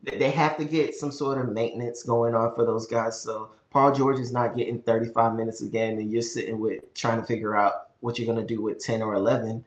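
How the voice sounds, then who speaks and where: A man co-hosting a casual sports podcast, talking in a measured, explaining way. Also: medium pitch, steady tone. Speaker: podcast co-host. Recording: echoey room.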